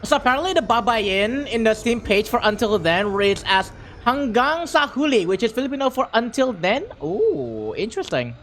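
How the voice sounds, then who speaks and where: A young adult streamer chatting casually with viewers, excitable, laughing often and stumbling over repeated words when flustered. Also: mid-range voice, normal speed, hardly any pauses, slight background noise. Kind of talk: casual live-stream chat.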